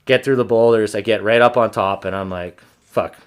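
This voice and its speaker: A man hosting a podcast, telling a hunting story in a casual, animated, profane way. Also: on the low side, brisk, clean tone. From Canada. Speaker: podcast host.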